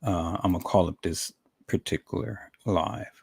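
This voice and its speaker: A man's voice: low-pitched, moderate pace, creaky, darkish tone, breathy edge. A man hosting a commentary live stream, greeting chat viewers by name and often calling his audience "peoples", with many repeated words. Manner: repetitive, addresses viewers as "peoples".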